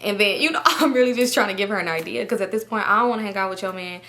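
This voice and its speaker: Fast-talking young woman telling a story. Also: medium pitch. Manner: animated, slangy, profane. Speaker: storytime vlogger. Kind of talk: casual storytelling.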